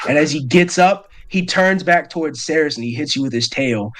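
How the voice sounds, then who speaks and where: A man's voice: a little high, lively intonation, moderate pace, fairly bright tone. A man narrating as game master of a tabletop game, often restarting his phrases hesitantly.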